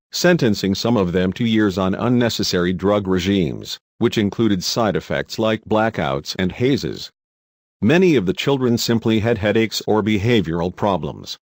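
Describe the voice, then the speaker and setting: A man with a fairly low voice reads a countdown list as scripted voice-over. His delivery is dry and wry. The sound is close and dead, with no room around it. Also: no room sound. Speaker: list narrator.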